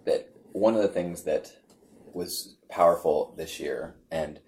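Halting, low-voiced man telling a story. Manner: halting, repeats words, animated when telling stories. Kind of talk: casual storytelling chat.

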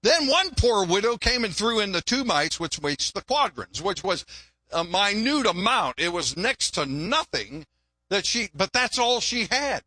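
A man's voice: high voice, sing-song, measured pace, bright, forceful tone, no echo. An older pastor preaching a sermon in a folksy, joke-telling way, often repeating his words. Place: church.

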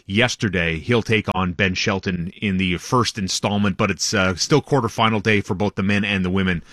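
A man's voice: sits low, steady tone, fairly bright tone, no room sound. A man reporting sports on a radio morning show in a loose, chatty way, from a studio microphone. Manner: chatty, loose, quick asides. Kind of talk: casual radio sports chat.

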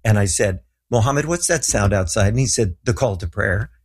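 Husky man telling a lively story. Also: fairly low pitch, normal speed. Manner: animated storyteller acting out quoted voices. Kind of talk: casual storytelling interview.

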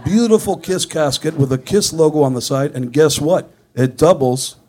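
A pompous, boastful rock star pitching his wares in a deadpan drone, as a comedian puts him on. The voice sits a touch high for a man. A noisy live room hums behind it. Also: moderate pace, lightly acted. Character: impression of a famous rock bassist, boastful salesman.

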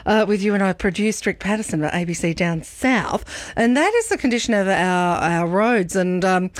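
A woman's voice: medium pitch, lively intonation, normal speed, dry recording. Woman radio host, dry sound. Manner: hesitant, many fillers. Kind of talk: radio interview.

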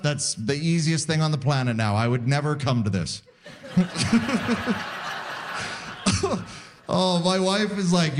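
A man in his forties doing a self-deprecating stand-up set before a live crowd. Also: a little high. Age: 40s. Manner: self-deprecating, acts out quick voices of others. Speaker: stand-up comedian. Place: live comedy theatre stage. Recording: live stage recording with crowd. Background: audience laughter.

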